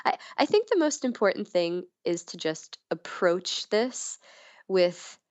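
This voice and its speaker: A woman's voice: on the low side, big pitch swings, slow pace, darkish tone, no room sound, muffled recording. A woman guest in a casual podcast chat, talking candidly and playfully, with frequent laughs and restarts.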